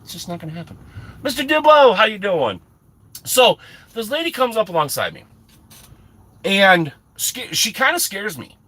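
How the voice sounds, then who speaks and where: Middle-aged male streamer, lively husky delivery, bright tone, self-mocking rambler. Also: high voice, normal speed, long pauses. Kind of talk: casual storytelling to live chat.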